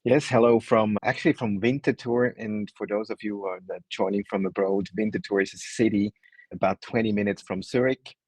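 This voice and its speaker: A man introducing himself on a video call, calm and explanatory. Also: fairly low pitch, fairly quick, dry recording. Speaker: guest, program head.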